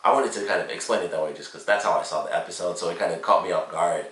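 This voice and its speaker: A man with a very low voice talks through a TV episode in a loose, rambling way, leaning on fillers as he goes. He sits back from the microphone, and the room around him echoes noticeably. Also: racing, fairly bright tone, distant mic. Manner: rambling, lots of "like" and "you know" fillers. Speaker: TV show reviewer. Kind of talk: casual episode recap and review. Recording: roomy echo, set back from the mic.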